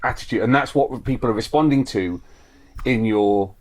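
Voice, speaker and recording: A man interviewing an artist, asking halting questions with many fillers and restarts. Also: medium pitch, darkish tone. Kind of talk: casual interview chat.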